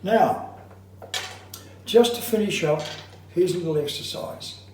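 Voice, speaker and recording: A man's voice: high-pitched, a little mellow, faint music behind. Echoey, distant male voice coach. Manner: measured, instructive, slows to stress points. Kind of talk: singing lesson with demonstrations.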